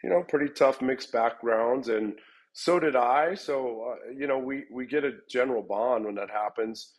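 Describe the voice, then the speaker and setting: This MMA gym head coach, a middle-aged man, speaks at normal speed in a mid-range voice, and the audio is poor. His interview answers ramble, with frequent restarts and repeated words.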